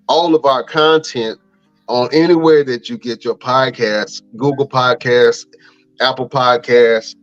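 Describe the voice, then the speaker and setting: A man's voice: mid-range voice, lo-fi sound. Laid-back podcast host man, slangy plugs. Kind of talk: casual podcast outro plugs.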